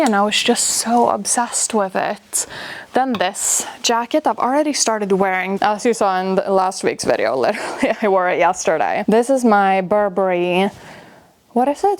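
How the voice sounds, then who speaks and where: A woman vlogger chatting casually about her winter coats, gushing with stacked superlatives. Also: mid-range voice. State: a bit out of breath from carrying coats. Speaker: fashion vlogger. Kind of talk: casual chat to camera.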